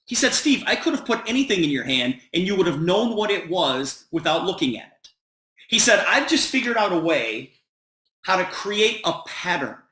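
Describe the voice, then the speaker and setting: A man giving a sales presentation on a video call, telling an animated story and quoting the dialogue. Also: on the high side, reverberant.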